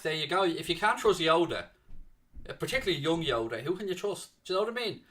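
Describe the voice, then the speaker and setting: A man hosting a live football watchalong, talking casually to his viewers. His voice sits a little high and sounds bright and forceful. He is animated and reads chat comments aloud as he goes. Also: a little fast.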